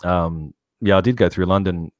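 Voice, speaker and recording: Deep-voiced Australian man, laid-back. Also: moderate pace, no room sound, clean studio sound. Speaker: interview guest. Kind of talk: casual interview chat.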